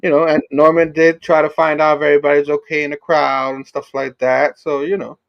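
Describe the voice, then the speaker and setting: A man on a casual chat show who talks in a relaxed, hesitant way. His voice is gravelly and somewhat high. The sound is dry and dull, with a lo-fi edge. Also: a little fast, no room sound. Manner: hesitant, laid-back, many "you know"s. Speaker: host.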